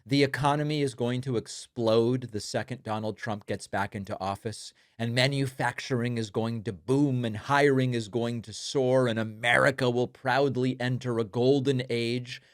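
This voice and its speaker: A man's voice: mid-range voice, steady tone, normal speed, few pauses, no echo, studio quality. A man hosting a political commentary show, mocking and sarcastic in his delivery.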